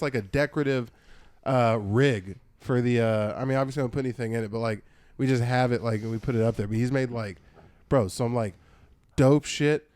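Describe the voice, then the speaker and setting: A young man tells a long, meandering story on a podcast, swearing freely and restarting his sentences. His voice sits at an ordinary middle pitch. The sound is close and completely dry, with no room around it. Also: a little mellow, no room sound. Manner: rambling, swears a lot, restarts often. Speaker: podcast co-host. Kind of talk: casual podcast chat.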